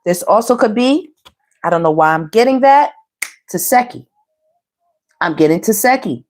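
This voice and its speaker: A woman's voice: mid-range voice, normal speed. Sassy woman doing a casual tarot reading. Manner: sassy, animated, slangy, talks to viewers as "baby" and "y'all". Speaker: tarot reader.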